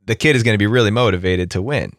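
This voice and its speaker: Low-voiced guy hosting a podcast, thoughtful and chatty, super dry close sound. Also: rapid-fire, fairly bright tone, dry recording. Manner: reflective, often adds "right?". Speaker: podcast host. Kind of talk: casual conversation.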